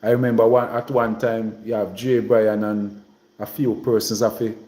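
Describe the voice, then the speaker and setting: A man's voice: lowish voice, little pitch movement, moderate pace, dark tone, roomy sound. A man from Jamaica with a Trelawny patois accent, chatting casually to viewers on his livestream and drifting between patois and English. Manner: rambling, mixes patois and English. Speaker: livestream host.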